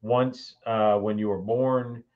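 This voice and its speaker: An older man, the host's father, telling family stories in a dry, measured way with many pauses. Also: fairly low pitch, fairly even intonation, lo-fi sound. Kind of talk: casual chat.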